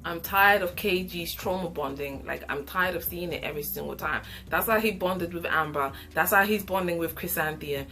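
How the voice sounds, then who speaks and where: A young woman giving an opinionated, sassy casual review of a reality show, with animated asides. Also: lowish voice, normal speed, few pauses, faint music behind.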